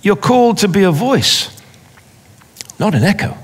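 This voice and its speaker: A man with a high voice preaching a sermon at an unhurried pace. He speaks deliberately and repeats key phrases for emphasis. His voice carries a long reverb, as in a large hall. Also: animated, breathy edge.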